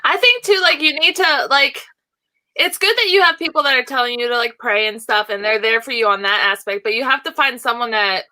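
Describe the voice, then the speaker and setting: Bright, hesitant young-sounding woman. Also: fairly high pitch, fairly quick, poor audio. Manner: hesitant, lots of fillers, sympathetic. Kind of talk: casual supportive chat.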